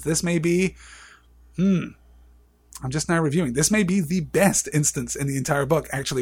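A man's voice: sits high, husky. A man presenting a live-streamed book discussion, reading passages aloud and adding wry, chatty asides.

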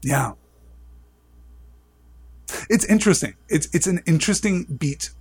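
Man, husky voice, slightly high pitch, wry chatty book discussion with read-aloud passages. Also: animated, unhurried, a little mellow. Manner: wry, chatty asides with laughter. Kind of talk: live-streamed book discussion with reading aloud.

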